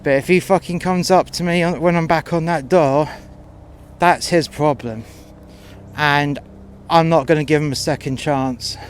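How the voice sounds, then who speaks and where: A man's voice: fairly high pitch, fairly even intonation, unhurried, a little hiss or hum. A man telling a first-person story in a crude, confrontational way, acting out both sides of a row.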